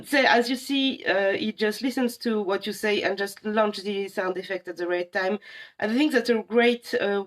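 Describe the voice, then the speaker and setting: Chatty woman presenting for a library. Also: medium pitch. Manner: chatty and enthusiastic, many pauses. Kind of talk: casual live app demo.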